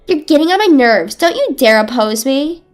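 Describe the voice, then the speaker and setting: A woman's voice: big pitch swings, moderate pace. A woman voicing a spiteful, bullying older mother-in-law who taunts and makes excuses. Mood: taunting. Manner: shrill, taunting, defensive.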